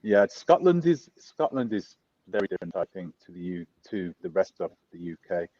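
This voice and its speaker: A man's voice: low voice, big pitch swings, normal speed, dry recording, lo-fi sound. A man interviewing a guest in a casual chat, asking rambling questions and correcting himself as he goes.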